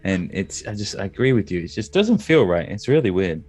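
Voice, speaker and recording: A man's voice: low-pitched, big pitch swings, brisk, a little mellow, slightly rough, faint music behind. A man casually playing his character in a tabletop game, chummy and chatty. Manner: casual, chummy, says "mate". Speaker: player. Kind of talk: casual in-character role-play.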